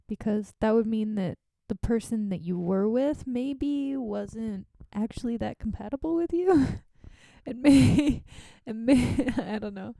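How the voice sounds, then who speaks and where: Brief: young woman streamer, sick, gravelly voice, chatty tangents, dry close mic. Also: a little high, mellow, dry recording. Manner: chatty, rambling, giggly asides. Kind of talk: casual live-stream reading with side commentary.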